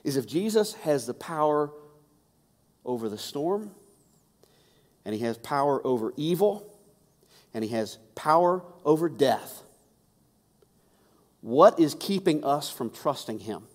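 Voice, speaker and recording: High-voiced pastor preaching in a reverberant hall. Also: male voice, big pitch swings, a little slow, pauses often. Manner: conversational, repeats words when emphasizing. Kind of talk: sermon.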